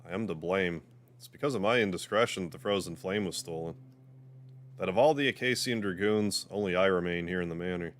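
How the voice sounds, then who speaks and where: A man's voice: sits low, a little fast, natural voice. A man voicing a dazed, guilt-ridden old male knight in a game's story, speaking formally and mournfully. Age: older.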